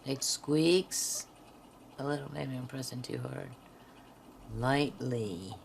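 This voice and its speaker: A woman hosting a craft video, chatting to viewers while she swatches pens and dropping into soft half-whispered asides. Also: a bass voice, slow, creaky, a little hiss or hum. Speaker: craft channel host. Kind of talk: casual swatching narration.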